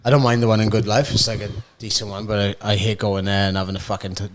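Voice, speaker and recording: A man's voice: on the low side, little pitch movement, fast, slight background noise. A young man co-hosting a podcast, rambling with fillers and frequent swearing in casual chat. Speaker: podcast co-host.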